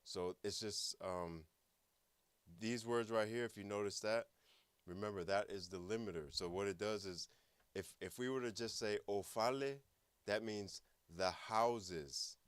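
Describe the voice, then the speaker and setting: A man's voice: on the low side, a little slow, clean tone, dry recording. A man teaching a language class, patiently explaining and repeating words for practice. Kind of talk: online language lesson.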